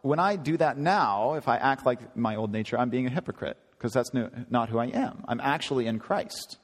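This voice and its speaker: A man preaching in a casual, conversational way, his voice jumping higher when he stresses a point. His voice carries a long hall reverb, as if from a church hall. His pitch sits mid-range for a man. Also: moderate pace. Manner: conversational, animated, rising to high emphasis. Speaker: pastor. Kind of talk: sermon.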